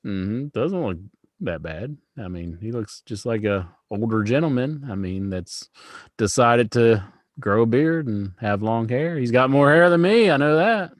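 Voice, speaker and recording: A man's voice: medium pitch, animated, a little slow, no echo, clean studio sound. A man co-hosting a casual wrestling podcast, laid-back and agreeable. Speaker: podcast co-host.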